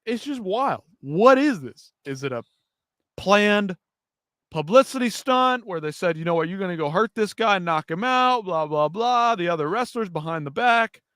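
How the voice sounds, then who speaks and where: A man's voice: high voice, lively intonation, moderate pace, a bit bright, clean tone, no echo, studio quality. A man hosting a live fight-news stream, ranting and swearing in heated commentary. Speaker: MMA news show host.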